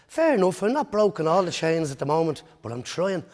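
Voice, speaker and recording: A man's voice: on the high side, big pitch swings, a little fast, darkish tone. A man giving a personal testimony in church, rambling and often asking "you know what I mean?". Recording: reverberant church hall.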